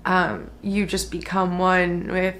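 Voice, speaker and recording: A woman in her thirties musing softly about a personal spiritual experience in a reflective vlog, with many fillers. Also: on the low side, flat delivery, slow, a little hiss or hum. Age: 30s. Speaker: spiritual vlogger.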